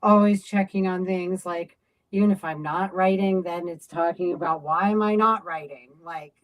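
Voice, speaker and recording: Low-voiced woman, chatty guest. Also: fairly even intonation, moderate pace, rough recording. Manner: chatty, many fillers and restarts. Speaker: game designer guest. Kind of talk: casual interview chat.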